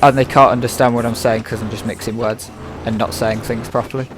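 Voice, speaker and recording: A man's voice: medium pitch, flat delivery, fairly quick. A young English man streaming a game, chatting in a rambling way and pronouncing his words carefully, on a headset mic. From England. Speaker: gaming streamer. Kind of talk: casual chat while playing a game. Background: game music.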